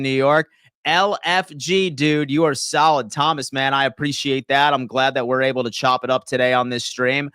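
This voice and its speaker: An upbeat man running a live sports talk stream, calling out viewers and weighing in with quick opinions. His voice is smooth and resonant, recorded close and dry with no room sound. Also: mid-range voice, no room sound. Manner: energetic, reads chat shout-outs aloud. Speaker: sports livestream host.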